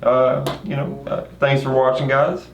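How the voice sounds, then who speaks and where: A man's voice: medium pitch, a little slow, creaky. Young guy making up a silly story, laid back, echoey room, slight hiss. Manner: relaxed, second-person narration with fillers. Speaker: co-host and storyteller. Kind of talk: casual improvised storytelling. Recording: echoey room with faint noise.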